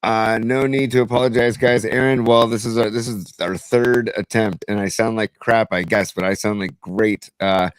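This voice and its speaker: A man's voice: on the low side, steady tone, normal speed, hardly any pauses, smooth. A man co-hosting a livestream podcast, talking in an easygoing, buddy-buddy way over a streaming call with headphones on. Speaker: podcast co-host. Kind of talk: casual livestream chat.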